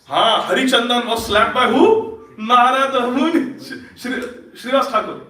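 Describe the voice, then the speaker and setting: High, bright-voiced man giving a lively sermon. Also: moderate pace. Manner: lively, laughing, quizzes the audience. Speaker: speaker at a temple Sunday feast. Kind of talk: storytelling sermon. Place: temple hall. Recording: echoey hall, distant mic.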